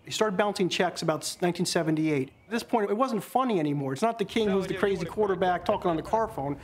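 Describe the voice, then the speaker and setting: A man from Maryland telling animated family anecdotes in a documentary interview, often mimicking his father's lines. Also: sits high, quick pace, a crowd in the background. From Maryland, USA. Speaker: interviewee, son of the subject.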